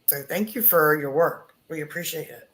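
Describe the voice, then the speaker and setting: A woman giving a psychic reading, slowly searching for words and repeating herself. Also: deep voice, a bit bright, slight background noise. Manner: slow, repetitive, searching. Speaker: psychic reader. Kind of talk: spoken reading.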